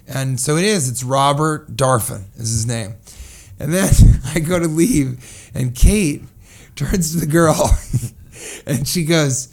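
A man co-hosts a casual comedy podcast, rambling through a funny story and riffing on words. His voice is medium-pitched and unhurried.

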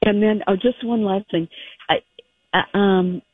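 A man's voice: sits high, fairly even intonation, measured pace, no room sound. A man calling into a pet advice show, hesitant and agreeable, with many fillers. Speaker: caller. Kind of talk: call-in question. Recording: tinny phone line.

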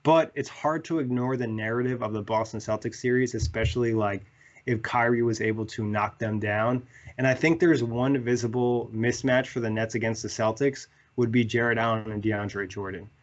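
A man's voice: medium pitch, steady tone, moderate pace. A man chatting casually on a sports podcast, rambling with lots of "like" fillers. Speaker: podcast co-host. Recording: slightly dull lo-fi audio.

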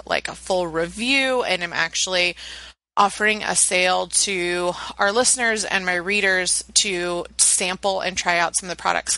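A woman's voice: on the low side, sharp tone, no room sound. A woman in her thirties co-hosting a podcast, chatting casually, going off on tangents and laughing often. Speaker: podcast co-host. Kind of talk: casual chat.

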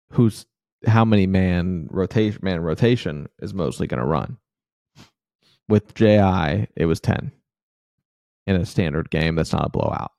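Low gravelly dude on a sports pod, mellow tone, kinda annoyed, breaking down the team. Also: male voice, no room sound, studio quality. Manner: frustrated, analytical. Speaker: podcast co-host. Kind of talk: casual sports talk.

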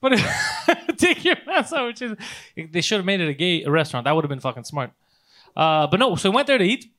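A man telling a long story in casual podcast chat, swearing often and acting out the people in it. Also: fairly high pitch. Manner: fast, profane, animated storytelling. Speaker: podcast host.

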